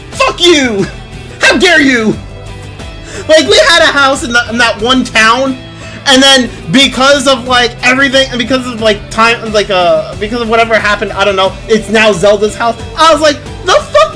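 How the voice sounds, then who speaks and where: A man streaming a game, chatting casually in a lively, indignant way, swearing and laughing often. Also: sits high. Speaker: livestreamer.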